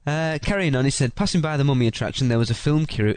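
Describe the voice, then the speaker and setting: A man's voice: medium pitch, lively intonation, fast talker, a little mellow, clean tone, dry recording. A man co-hosting a podcast, reading out a listener's trip report in a casual, joking way. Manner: joking, teasing. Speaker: podcast co-host.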